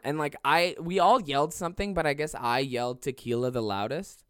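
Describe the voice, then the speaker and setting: A man's voice: medium pitch, lively intonation, normal speed, clear, resonant tone, no echo, clean studio sound. A young man telling a comedic story on a podcast, rambling and swearing, laughing as he goes. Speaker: podcast host.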